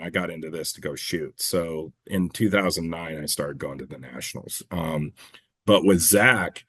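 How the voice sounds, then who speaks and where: A man's voice: deep voice, moderate pace, a bit bright, dry recording. A man in a casual interview, telling stories in a rambling, self-correcting way, swearing freely and laughing at himself. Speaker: clay shooting competitor and coach, guest.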